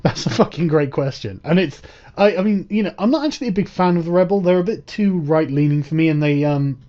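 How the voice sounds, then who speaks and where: A man's voice: a little high, mellow, lo-fi sound. A man giving sarcastic, profane reaction commentary on a news clip.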